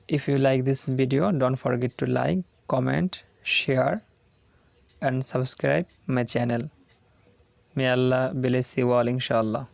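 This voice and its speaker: A man's voice: mid-range voice, gravelly, no room sound. A man teaching Arabic letter pronunciation in simple English, repeating each sound several times. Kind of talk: slow letter-by-letter pronunciation lesson.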